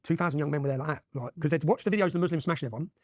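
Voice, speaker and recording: A man in his forties with an English accent. As an interview guest he tells his story urgently and emphatically, often checking in with a quick "yeah?". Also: fairly high pitch, darkish tone, no room sound, clean studio sound. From England. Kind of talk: impassioned storytelling in a podcast interview.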